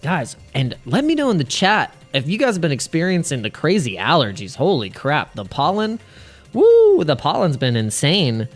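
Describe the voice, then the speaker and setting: A man's voice: on the high side, wildly swooping pitch, normal speed, soft background music. A man hosting a casual crypto livestream, rambling, restarting his sentences and laughing at his own jokes.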